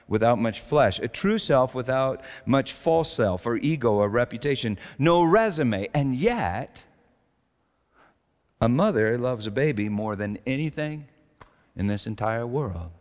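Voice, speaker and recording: Male pastor, mid-pitched voice, reflective sermon, long hall reverb. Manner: reflective, slows to stress key lines.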